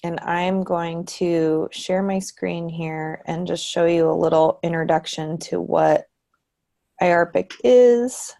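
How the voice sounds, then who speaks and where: A woman giving a relaxed online tutorial presentation, with frequent ums. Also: lowish voice, slow, creaky. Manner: relaxed, many ums, light laughs. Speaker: presenter for a research committee.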